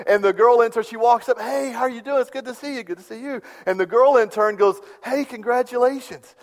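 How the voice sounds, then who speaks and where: A man preaching a sermon, telling stories and swinging from hushed tones to loud bursts. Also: high-pitched. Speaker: pastor. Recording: long hall reverb.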